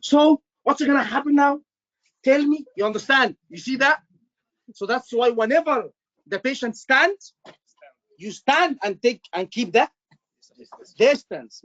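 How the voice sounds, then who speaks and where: A man teaching an exam class live, animated and repetitive, acting out doctor lines for his students. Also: very high voice. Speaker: exam tutor. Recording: muffled lo-fi class recording.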